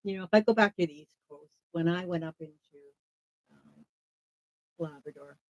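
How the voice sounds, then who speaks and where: A man's voice: on the high side, moderate pace, lo-fi sound. A man from Alberta, Canada, telling rambling travel anecdotes in a casual live chat, acting out the people he quotes. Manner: rambling anecdotal storyteller, lively quoted voices. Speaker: guest traveler.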